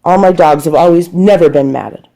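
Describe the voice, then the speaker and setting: A woman's voice: fairly low pitch, moderate pace, vocal fry, warm tone. A woman who works as a dog groomer, chatting casually in a home vlog, rambling and talking to her dog, sometimes dropping to a whisper.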